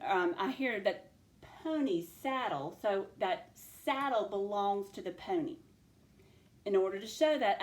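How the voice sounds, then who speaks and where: Slowly stretching and sounding out words, a woman teacher guides young pupils in phonics. She speaks at medium pitch in an echoey room.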